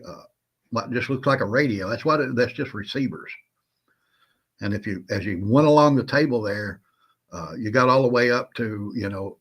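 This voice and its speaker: A man's voice: medium pitch, a bit bright. A man with a Southern accent hosting a casual livestream, greeting viewers by name in a folksy way. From Southern United States. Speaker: host of a prepping livestream.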